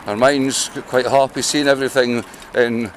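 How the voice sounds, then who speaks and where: A man's voice: medium pitch, normal speed. A Scottish man working as a dog trainer, chatting casually outdoors while training a dog on a town street. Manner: relaxed, chatty, coaxing commands to the dog. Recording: street noise behind the voice.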